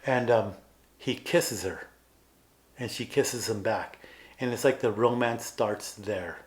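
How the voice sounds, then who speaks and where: A man's voice: fairly low pitch, slow. Earnest man retelling film scenes. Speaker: podcast co-host. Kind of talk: casual chat.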